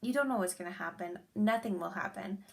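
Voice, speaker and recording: Gentle woman teacher talking to kids. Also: mid-range voice, creaky. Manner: gentle, encouraging, speaks slowly to children. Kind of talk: reading aloud and talking to students.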